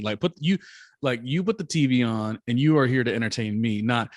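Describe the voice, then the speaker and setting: A man hosting a casual recap podcast, rambling and hesitant, filling pauses with lots of ums. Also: medium pitch, no room sound, clean studio sound. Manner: rambling, hesitant with many fillers. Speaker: podcast host.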